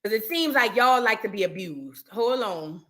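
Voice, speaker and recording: A woman from New Orleans with a New Orleans accent, hosting a reaction show in animated, chatty and profane talk with her viewers. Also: medium pitch, normal speed. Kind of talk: casual reaction chat.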